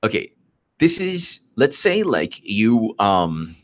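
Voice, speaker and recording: A man hosts a casual live stream of commentary and talks in a lowish voice. He circles back over the same points again and again and sounds sarcastic and exasperated. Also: big pitch swings, slow pace. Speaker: political commentary host.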